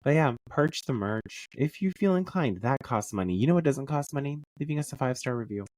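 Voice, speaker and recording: A man's voice: medium pitch, animated, fast talker, a little mellow, no room sound. A man co-hosting a casual podcast, joking around with playful, silly asides. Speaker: podcast co-host. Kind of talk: casual chat.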